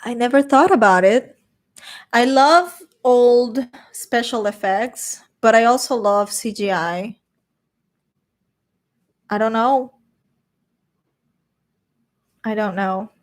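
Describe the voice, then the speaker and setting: A woman's voice: on the high side, takes it slowly, pauses often. A young woman with a Venezuelan accent, chatting casually as she reads viewer questions aloud and answers them. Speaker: streamer reading chat. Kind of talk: casual chat.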